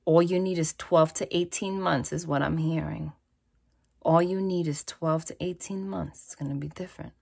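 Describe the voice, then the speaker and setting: A woman's voice: low voice, steady tone, moderate pace, vocal fry, a little mellow, slightly rough. A woman giving a tarot and angel-message reading, talking in a chatty, reassuring way with many fillers. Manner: chatty, reassuring, lots of "like" and "right?". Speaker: tarot reader. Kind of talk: spiritual reading to camera.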